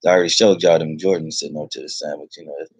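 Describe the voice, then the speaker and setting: A man's voice: a bass voice, steady tone, rapid-fire, husky, dry recording. A man ranting angrily to the camera, swearing heavily and repeating himself. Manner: heated, profane, repeats himself. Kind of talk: angry rant to camera.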